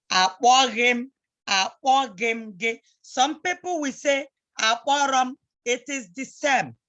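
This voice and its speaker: Woman teacher, unhurried and patient, repeats each phrase slowly for beginners. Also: mid-range voice, a bit bright, dull audio. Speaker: Igbo language teacher. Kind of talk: slow beginner language lesson.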